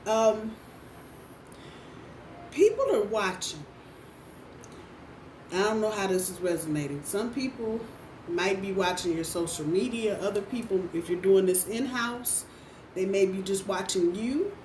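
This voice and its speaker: A woman's voice: medium pitch, a little slow, pauses often, darkish tone. Blunt, profane woman reading tarot. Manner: blunt, profane, repeats phrases for emphasis. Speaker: tarot reader. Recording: roomy, distant mic, faint background noise.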